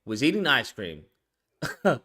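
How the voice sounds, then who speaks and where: A show host with a medium-pitched voice speaks at a slow pace in a casual chat. He's an animated, emphatic storyteller who acts out what others said.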